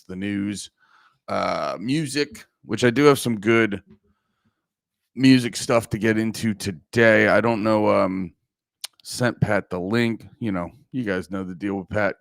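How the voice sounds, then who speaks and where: A podcast host is livestreaming, rambling loosely and swearing as he talks to his chat, sounding a bit groggy. His voice is lowish and gravelly. The audio is studio quality with no room sound.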